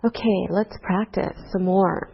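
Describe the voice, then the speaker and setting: A woman teaching an English grammar lesson to a class, speaking slowly and deliberately through example sentences. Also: mid-range voice, steady tone, creaky, husky. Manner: slow, deliberate teacher talk with rising and falling example tags. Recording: dull lo-fi course recording.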